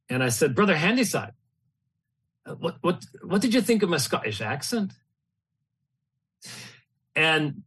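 A man's voice: mid-range voice, fairly bright tone. A middle-aged man with an ordinary mid-range voice talks in loose, unscripted reflections. He rambles, circles back with fillers and false starts, and laughs now and then. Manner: rambling, full of fillers and restarts, laughs often. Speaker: host. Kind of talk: casual spoken reflections.

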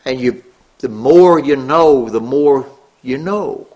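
A middle-aged man preaching a sermon, earnest, rising on key words and dropping low. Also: takes it slowly, a little mellow.

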